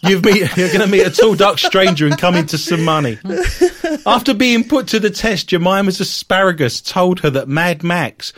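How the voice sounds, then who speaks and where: A playful man hosting a comedy podcast, his voice a little high and swinging widely in pitch. He teases his co-hosts and laughs often as he reads out strange news items. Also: lively intonation, moderate pace, fairly bright tone. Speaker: host.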